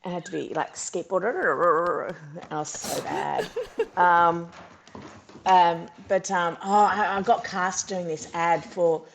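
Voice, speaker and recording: A middle-aged woman with a gravelly, creaky edge to her voice, talking casually as an interview guest. She laughs at herself and trips over her words with fillers and restarts. A faint hiss sits under the recording. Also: lowish voice, steady tone, a little slow. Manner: self-deprecating, laughing, many fillers and restarts. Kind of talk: casual video-call interview.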